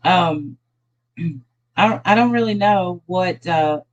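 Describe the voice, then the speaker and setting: A woman's voice: lowish voice, slow pace, muffled recording. Tired, sad-sounding woman livestreaming. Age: middle-aged. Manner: loose, rambling talk with restarts. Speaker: livestream host. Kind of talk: casual livestream chat greeting viewers.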